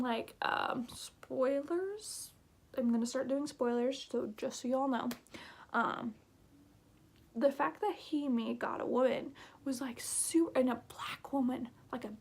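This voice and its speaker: Woman, late 20s, husky high voice, chatty vlogger reviewing a book, lots of um and like. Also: unhurried. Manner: rambling, emotional, many fillers and half-whispered asides. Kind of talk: casual vlog book review.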